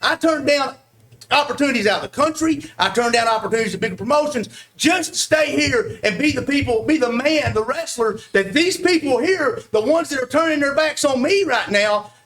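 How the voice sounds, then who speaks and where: A man delivering a heated wrestling promo, shouting, taunting and insulting his rival. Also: extremely high pitch, animated, brisk. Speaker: wrestler trash-talking in an interview.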